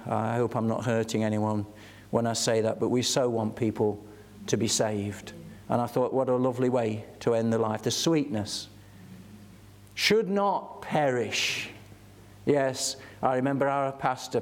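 An older man preaching a sermon, telling stories earnestly and building to fervent emphasis. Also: mid-range voice.

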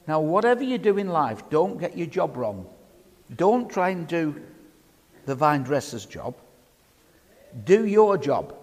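A man's voice: fairly high pitch, a little mellow, breathy edge. A man preaching a sermon, putting questions to the congregation and bantering with them by name. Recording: reverberant hall.

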